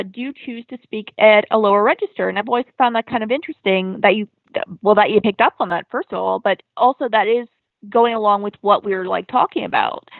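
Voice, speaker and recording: A woman's voice: a little high, no echo. A woman guest in a casual interview, talking chattily about her comic with many ums and you-knows. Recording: dry tinny phone-like line.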